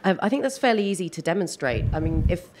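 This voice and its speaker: Woman, low pitch, slightly hoarse, panel Q&A answer, direct and wry. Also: animated, fast, noisy background. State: losing her voice. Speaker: panel expert. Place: large hall at a business event.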